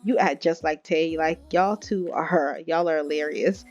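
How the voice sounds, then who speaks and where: A woman's voice: low voice, fairly even intonation, unhurried, darkish tone. A woman voicing a young pregnant woman who is homesick, shy and self-conscious, in a casual chatty way. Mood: grateful.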